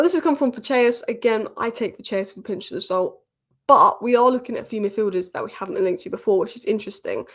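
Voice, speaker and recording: A woman hosting a football news channel, giving casual, opinionated commentary with quick asides. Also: fairly high pitch.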